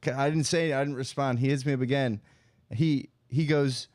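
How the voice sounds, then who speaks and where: A man's voice: mid-range voice, fairly even intonation, moderate pace, a little mellow, dry recording, clean studio sound. A young man co-hosting a podcast, telling a comedy story in a rambling, amused way and cutting himself off mid-sentence. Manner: rambling, amused, self-interrupting. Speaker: podcast co-host.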